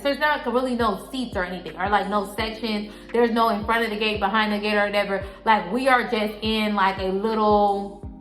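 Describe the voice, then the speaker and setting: A woman vlogger telling a story casually, animated and swearing freely. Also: on the high side. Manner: animated, swears freely, acts out others' lines. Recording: echoey room with faint music.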